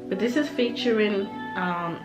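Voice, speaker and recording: A young woman vlogging her reaction to a music album, gushing and emotional, humming along at times. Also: medium pitch. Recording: music playing faintly underneath.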